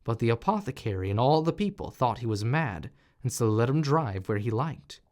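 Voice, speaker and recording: A man narrating a fairy tale audiobook in an expressive, animated reading style. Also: mid-range voice, normal speed. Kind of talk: storybook narration.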